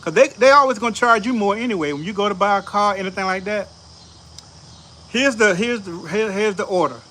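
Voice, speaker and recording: A man with a high, bright voice tells stories on a back porch in a loose, animated way, laughing as he talks. Crickets and insects chirp faintly behind him. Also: a little fast, a little hiss or hum. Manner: animated, laughing, slangy storytelling. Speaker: show host. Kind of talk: casual storytelling chat.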